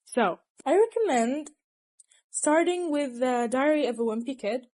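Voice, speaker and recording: Young woman, slightly high pitch, casual and teasing advice-giver. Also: sing-song, a little slow, darkish tone. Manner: chatty, teasing, laughs often. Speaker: language tips presenter.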